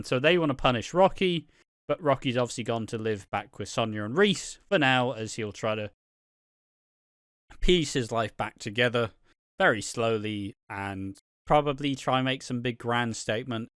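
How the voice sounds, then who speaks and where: Sweary podcast co-host. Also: male voice, medium pitch, animated, moderate pace, a bit bright, clear, resonant tone, no room sound, clean studio sound. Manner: sweary, laughs often, acts out characters' lines. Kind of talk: casual recap chat.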